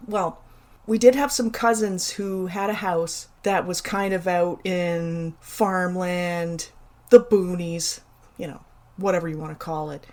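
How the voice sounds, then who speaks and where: A middle-aged Canadian woman with a mid-range, darkish voice hosts a casual solo podcast. She chats animatedly through a personal story, adding playful emphasis and asides.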